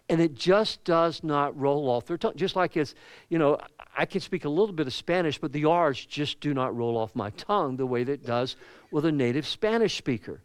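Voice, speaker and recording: A pastor with a Southern US accent preaching a sermon in a conversational way, with asides and questions to the congregation. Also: male voice, fairly high pitch, dry recording. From American South.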